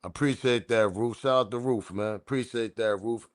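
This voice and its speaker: A man giving casual, animated livestream commentary, repeating himself, swearing and chuckling. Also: medium pitch, normal speed. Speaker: online news commentator.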